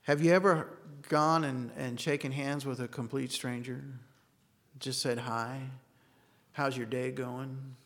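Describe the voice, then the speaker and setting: Gravelly man preaching in an echoing hall. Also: medium pitch, fairly even intonation, slow, fairly bright tone. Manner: earnest, storytelling, acts out quoted dialogue. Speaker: speaker giving a church talk. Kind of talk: sermon with a personal story. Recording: long reverb of a large room.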